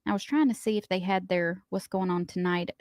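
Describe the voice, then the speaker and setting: A woman's voice: mid-range voice, fairly even intonation, brisk, a little mellow, no echo, clean studio sound. A woman co-hosting a morning radio show, telling a story with lots of laughter. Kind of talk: casual on-air banter and storytelling.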